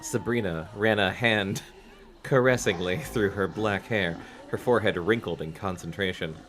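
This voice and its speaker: A man's voice: on the low side, moderate pace, a bit bright, slight background noise. Joking male podcast host reading aloud. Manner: jokey asides between read passages. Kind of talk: comedic book-reading podcast. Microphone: video call.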